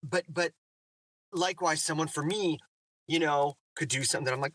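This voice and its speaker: Bright-voiced thoughtful male narrator. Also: fairly high pitch, brisk, far from the mic, poor audio. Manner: thoughtful, animated. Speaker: audiobook narrator and voice actor. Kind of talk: reflective interview talk.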